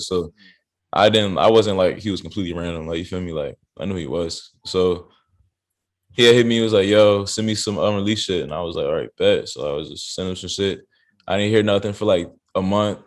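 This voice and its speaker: A young man with a notably low, deep voice talks in a relaxed, slangy, rambling way. He is a rapper from South Carolina, answering questions as a guest in an interview. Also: fast. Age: young adult. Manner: laid-back, slangy, loose storytelling. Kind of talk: casual interview chat. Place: interview studio.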